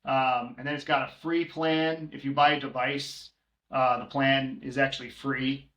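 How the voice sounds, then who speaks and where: A man in casual podcast conversation, working through lists with plenty of ums and restarts. His voice sits at a middle pitch. The room around him adds a noticeable echo. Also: little pitch movement, unhurried, fairly bright tone, highs cut off. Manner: rambling, many filler ums, listing prices. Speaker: co-host, short-term rental manager. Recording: roomy echo.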